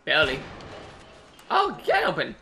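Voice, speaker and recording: Higher-voiced gamer man, slight accent. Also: huge pitch swings, sharp tone, a little hiss or hum. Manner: slight accent, terse quick reactions. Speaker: gaming channel co-host. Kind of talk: casual gaming commentary.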